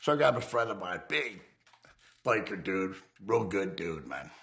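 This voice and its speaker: A former criminal candidly recounts his life of crime in profane, streetwise talk, acting out the voices of people he quotes. His deep, fairly bright voice is very animated and unhurried, with some vocal fry.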